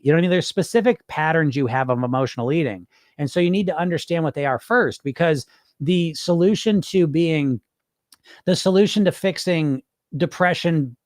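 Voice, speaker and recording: A middle-aged man hosts a live show, answering viewers in a loose, chatty way full of restarts and fillers. His voice sits a little high for a man. The sound is dry and close. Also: no room sound. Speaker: podcast host answering live chat. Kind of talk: casual live-stream talk.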